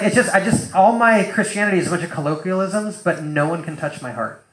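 A man preaching a casual sermon in a loose, animated way, full of fillers and acted-out asides, in a church hall. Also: high voice, normal speed. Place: church hall with a live audience. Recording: roomy echoing hall.

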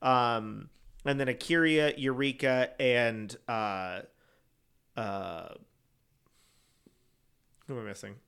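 A man's voice: medium pitch, slow pace, vocal fry, pauses often, clean tone. Blunt, swearing man in casual chat. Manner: blunt, swears, quotes people in animated put-on voices. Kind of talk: casual chat recapping a reality show.

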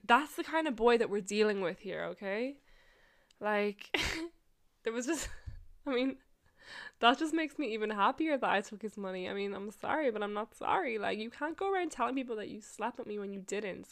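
A young woman hosts a podcast and tells a story in a relaxed, chatty monologue. She speaks at a middle pitch and laughs often. She swears freely and fills her sentences with "like". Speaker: podcast host.

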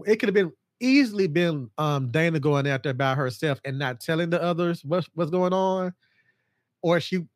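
Podcast host guy, lively, fairly high voice, dead dry sound, keeps doing voices. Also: dry recording. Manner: animated, acts out scenes in a high mocking voice. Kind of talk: casual chat.

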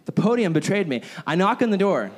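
A young man preaching a casual, conversational sermon and telling stories, animated and acting out his own reactions. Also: high-pitched, a little fast. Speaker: pastor. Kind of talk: sermon with personal storytelling.

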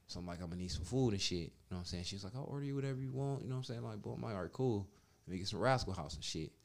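A man telling a crude story in casual chat, laughing loudly now and then. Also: lowish voice, racing, gravelly, heavy background noise. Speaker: podcast storyteller.

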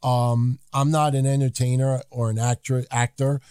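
A man co-hosting a podcast, reading listener names and giving calm, measured opinions in casual chat. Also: medium pitch, clear, resonant tone, no echo, clean studio sound. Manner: calm, measured, occasionally swearing. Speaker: co-host.

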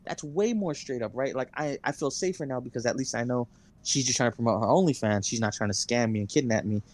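A man's voice: medium pitch, fast talker, a little mellow, slight background noise. A young man co-hosting a podcast, telling long stories in casual chat, full of fillers and swearing. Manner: rambling storyteller, heavy swearing and fillers. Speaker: podcast co-host.

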